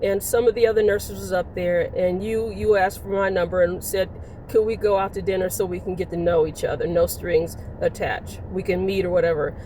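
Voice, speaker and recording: A woman's voice: on the low side, steady tone, fairly quick, mellow, slight background noise, low-quality recording. A woman in her sixties vlogging, telling stories in a chatty, playful way and laughing as she goes. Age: 60s. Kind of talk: casual storytelling to camera.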